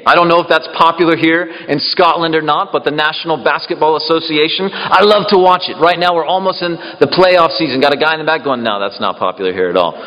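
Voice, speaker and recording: A man preaching a sermon in a slightly high voice, leaning on key words and putting questions to his listeners. His voice rings out with a long reverb from a church hall. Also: fairly even intonation, brisk, few pauses, sharp tone, lo-fi sound. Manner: emphatic, with rhetorical questions to the congregation. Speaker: pastor.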